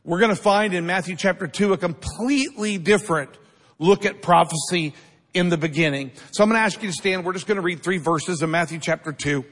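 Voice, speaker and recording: High-voiced preacher in a reverberant hall. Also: male voice, brisk. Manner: keeps asking the congregation "right?"; emphatic, builds up to shouted lines. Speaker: pastor. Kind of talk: sermon. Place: church sanctuary. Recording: long reverb of a large hall.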